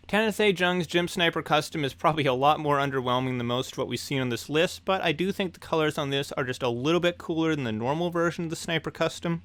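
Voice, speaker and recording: A man's voice: on the high side, no room sound. Young male host for hobby news commentary, eager and upbeat, recorded dry and close. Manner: excitable, enthusiastic.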